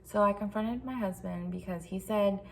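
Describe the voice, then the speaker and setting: A woman's voice: mid-range voice, normal speed, creaky, slight background noise. A young woman telling a personal story to her camera in a rambling, frank, profane way, filling her talk with "like". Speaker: vlogger. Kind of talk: casual storytime vent.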